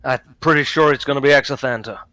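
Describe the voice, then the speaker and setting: A man's voice: medium pitch, fast, bright, forceful tone, no room sound, rough recording. A man playing a tabletop game, eagerly arguing his case in casual chat. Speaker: player.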